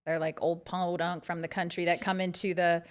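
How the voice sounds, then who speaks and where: A woman's voice: lowish voice, level tone, normal speed. A woman co-hosting a podcast, chatting casually and telling stories as a mother of young kids, trailing off into asides. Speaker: podcast co-host. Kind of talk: casual chat.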